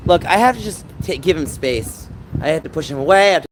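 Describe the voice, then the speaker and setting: High-voiced man ranting over traffic noise. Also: animated, fast, rough recording. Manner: agitated, rambling storytelling with repetitions. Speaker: livestreamer. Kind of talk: livestream chat, ranting to viewers.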